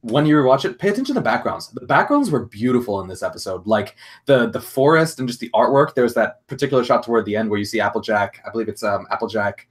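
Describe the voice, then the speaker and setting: A man talks quickly and eagerly, hosting a casual review discussion. His voice sits at an ordinary middle pitch, and he laughs easily as he goes. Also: lively intonation.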